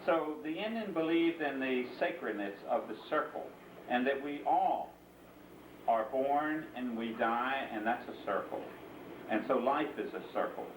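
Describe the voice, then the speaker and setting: A man's voice: mid-range voice, measured pace, noisy background. Patient man telling a story in an echoey room. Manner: patient, calm, asks the listener to join in. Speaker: interviewee and storyteller. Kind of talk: teaching a child, storytelling. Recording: echoey room, mic at a distance.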